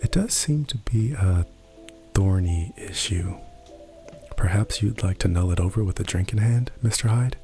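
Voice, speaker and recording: Whispered role-play: a man playing a courteous café companion, deep voice, faint music behind. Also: moderate pace, mellow. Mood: gentle.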